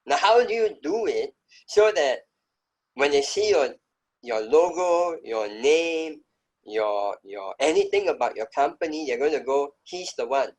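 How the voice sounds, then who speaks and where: Middle-aged guy, bit higher voice, emphatic reflective storytelling in an interview. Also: big pitch swings, a little slow, a little mellow, poor audio. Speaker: interview guest, entrepreneur. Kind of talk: conversational interview.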